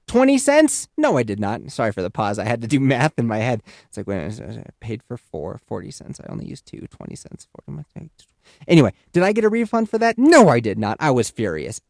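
A young man telling a comedic story on a podcast, animated, swearing and laughing at his own story. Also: medium pitch, no echo, studio quality. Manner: exaggerated voices for quoted people. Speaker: podcast host.

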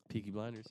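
A man's voice: fairly low pitch, dark tone, a little hiss or hum. A young man chatting casually on a podcast, telling long rambling stories with restarts and swearing. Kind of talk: casual chat.

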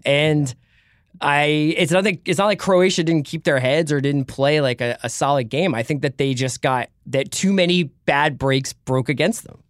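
A man in a casual sports podcast chat, talking in animated, rambling runs with jokes and restarts. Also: a little high, normal speed, no echo, clean studio sound.

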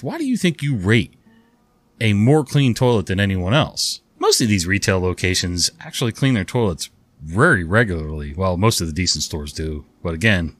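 A man's voice: low-pitched, no room sound. A man reading online revenge stories aloud and chatting wryly about them between stories. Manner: wry, conversational, animated. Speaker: story narrator.

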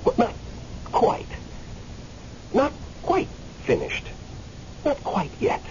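With a very high, darkish voice that swoops wildly in pitch, a man speaks slowly and exaggeratedly as a newly dead man lingering in limbo in a radio drama. The angry, pleading character sounds earnest and agitated, hesitant and stammering at moments, then impassioned. Expect a muffled radio recording with a faint hiss.

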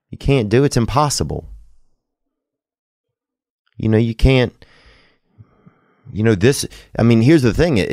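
Here a fairly low-pitched man with a darkish tone hosts a casual call-in show, recorded at studio quality with no room sound. He's loose and rambling, mixing crude humor with sincere guidance for the people who call in.

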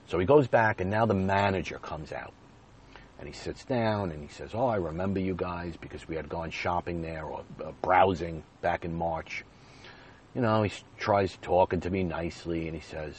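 Deep-voiced man telling a personal story. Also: brisk, slight background noise. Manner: animated retelling, swinging between loud bursts and quiet asides. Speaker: podcaster.

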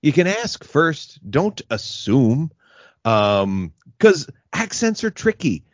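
A man's voice: fairly high pitch, very animated, takes it slowly, no echo. A man from Canada, a podcast co-host chatting casually in a jokey, self-mocking way. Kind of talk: casual chat. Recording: slightly dull lo-fi, dry.

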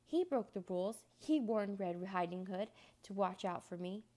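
A woman's voice: mid-range voice, normal speed, dark tone, lightly acted. A woman voicing a hungry, sulky male wolf in a storybook reading, hissing threats and whining.

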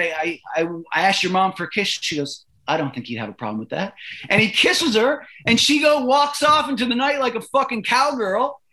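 Guest: middle-aged Canadian man, high bright voice, animated profane storyteller who does the voices. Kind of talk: storytelling in casual interview.

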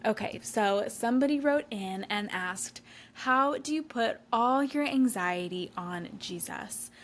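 A woman's voice: mid-range voice, animated, measured pace. Gushing young woman hosting a podcast. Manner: gushing, enthusiastic. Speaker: podcast host. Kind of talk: casual faith podcast chat.

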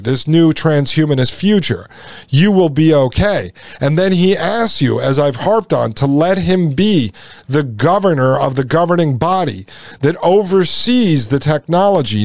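A man's voice: fairly high pitch, a little mellow, no echo, clean studio sound. A man hosting his own podcast, delivering an emphatic solo monologue, repeating points and addressing listeners as folks. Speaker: podcast host.

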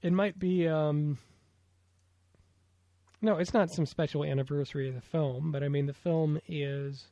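A man's voice: on the high side, steady tone, a little slow, long pauses, warm tone, no room sound, studio quality. An American man co-hosting a casual movie podcast, rambling with lots of fillers. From United States. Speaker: podcast co-host.

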